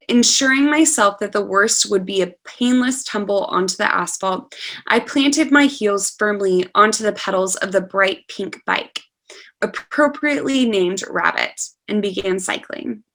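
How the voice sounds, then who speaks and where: A woman's voice: mid-range voice, fairly bright tone. A woman teaching an online class on scholarship essay writing, speaking patiently and reading a student's essay aloud over a video call. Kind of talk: online lecture.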